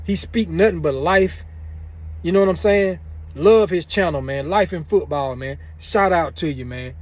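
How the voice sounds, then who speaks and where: A man's voice: fairly high pitch, normal speed. A man telling a story to camera in casual slang, repeating himself as he goes. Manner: repetitive, loose, drawling speech with slang. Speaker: vlogger telling prison stories.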